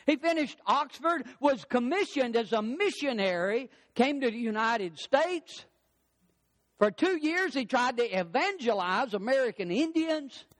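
Older male pastor, very high voice, emphatic preaching cadence. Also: lively intonation, measured pace, a bit bright. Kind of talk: sermon.

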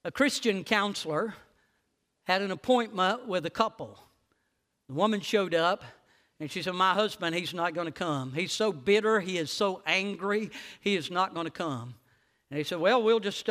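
Bright high-voiced preacher in a reverberant hall. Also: male voice, normal speed. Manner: swings between hushed low lines and loud high preaching. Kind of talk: sermon.

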